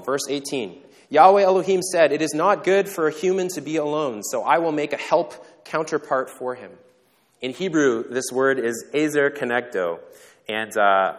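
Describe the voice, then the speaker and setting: Casual joking pastor in a reverberant hall. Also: male voice, medium pitch. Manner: casual and joking, with quick asides and questions to the congregation. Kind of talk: conversational sermon. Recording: long reverb in a large hall.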